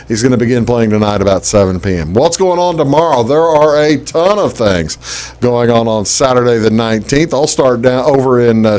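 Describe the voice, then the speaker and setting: A man's voice: mid-range voice, a little mellow. Chatty rambling male talk show host. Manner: chatty, rambling with many fillers and restarts. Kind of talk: casual local talk show.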